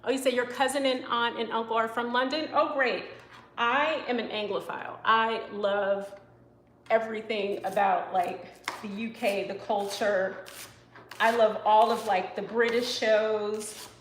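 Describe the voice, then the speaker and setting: A woman's voice: a little high, steady tone, unhurried, a bit bright, roomy sound, a little hiss or hum, rough recording. A woman chef chatting casually with live viewers while she cooks, rambling with lots of "you know" and "like" and answering comments as they come. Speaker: professional chef and live-stream host. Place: home kitchen.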